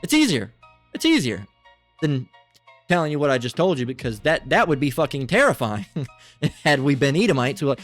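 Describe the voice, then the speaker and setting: A man's voice: mid-range voice, big pitch swings, fairly quick, faint music behind. A man giving an informal Bible teaching, rambling and swearing freely, often mocking people as he goes. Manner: rambling, profane and mocking, with frequent filler.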